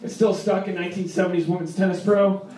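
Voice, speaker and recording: High-voiced young comic from Rhode Island. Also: male voice, little pitch movement. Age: 20s. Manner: wry, quick storytelling punctuated by jumps into loud punchlines. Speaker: stand-up comedian. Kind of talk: stand-up set. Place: comedy club stage. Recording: echoey club recorded from a distance, audience laughter.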